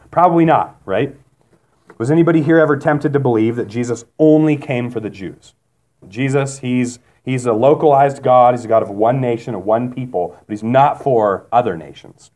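A man's voice: medium pitch, a little fast, a little mellow. A man preaching a sermon in a conversational way, asking the congregation questions and acting out the voices he quotes. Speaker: pastor.

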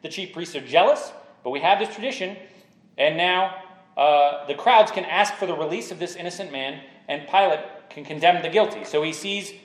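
High-voiced man preaching in an echoey room. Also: normal speed. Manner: emphatic, repeats rhetorical questions. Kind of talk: sermon.

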